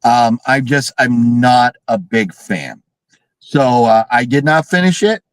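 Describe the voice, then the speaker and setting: A man co-hosting a horror film livestream, talking casually and excitedly, swearing and mimicking characters. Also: mid-range voice, takes it slowly, dry recording, rough recording. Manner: animated, swearing, mimics characters with big shrieks. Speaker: podcast co-host reviewing horror films.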